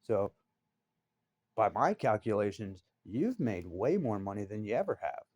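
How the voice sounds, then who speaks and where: A man's voice: fairly low pitch, big pitch swings, measured pace, a little mellow, no echo. A man telling a work story in a blunt, heated, profane way. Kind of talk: casual storytelling.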